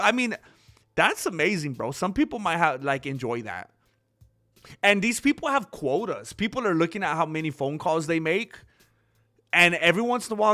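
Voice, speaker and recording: A man hosting a casual livestream, telling stories animatedly with frequent laughter and reading chat aloud. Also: fairly high pitch. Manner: animated storyteller who laughs often and reads chat. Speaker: channel host.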